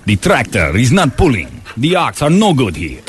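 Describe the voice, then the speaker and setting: A man's voice: mid-range voice, wildly swooping pitch. A man doing a stern, imperious foreign king. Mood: mock-regal. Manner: slow, heavily accented, mock-regal delivery.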